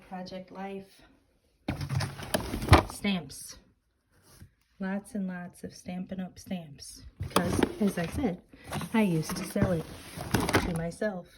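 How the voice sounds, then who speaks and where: A middle-aged woman who vlogs about crafting and journaling tours her home office on a handheld camera. She's a bit out of breath, chatty, and self-deprecating, with a mid-range voice in a very noisy recording.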